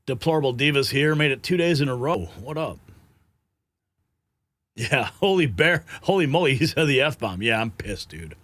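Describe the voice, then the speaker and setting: A man's voice: medium pitch, expressive, normal speed, a bit bright, dry recording. A man hosting a live political news stream, frustrated and agitated, sighing and swearing between headlines. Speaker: livestream news host.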